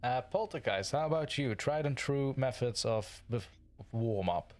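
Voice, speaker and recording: A man's voice: mid-range voice, expressive, measured pace, darkish tone. A man hosting a livestreamed podcast, joking loosely with guests and talking to the chat. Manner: jokey, loose, talks to chat. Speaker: podcast host.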